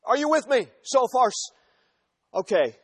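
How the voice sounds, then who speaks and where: High-voiced pastor preaching emphatically. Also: male voice, big pitch swings, unhurried. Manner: emphatic, repeats phrases, storytelling illustrations. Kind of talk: sermon.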